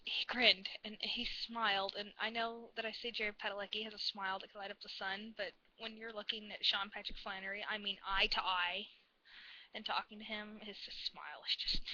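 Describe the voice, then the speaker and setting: A woman telling a story in a casual vlog, rambling and gushing like an excited fan. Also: medium pitch, moderate pace, highs cut off. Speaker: vlogger.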